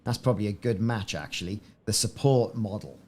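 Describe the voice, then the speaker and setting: A man's voice: lowish voice, animated, fairly quick, darkish tone. Chatty, rambling man. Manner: rambling, chatty, greets viewers by name; musing, repeats himself often. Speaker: game streamer. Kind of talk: live-stream gameplay chat.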